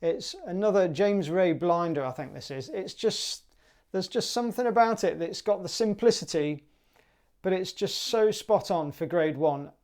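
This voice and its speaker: A woman's voice: lowish voice, lively intonation, normal speed, a little mellow. A woman teaching clarinet for a music exam, upbeat and chatty, singing rhythms aloud.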